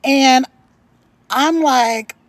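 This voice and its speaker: Middle-aged woman, high voice, dry close sound, animated live-stream chat on a phone. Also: drawn-out words, no room sound, rough recording. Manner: chatty, animated, laughs through her story. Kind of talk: casual storytelling on a live stream. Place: at home, later walking in her backyard.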